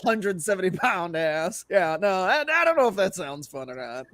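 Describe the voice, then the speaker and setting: High-voiced jokey man on a podcast. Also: big pitch swings, fairly bright tone, no room sound. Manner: jokey, crude, quick laughs. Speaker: podcast co-host. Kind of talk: casual sports chat.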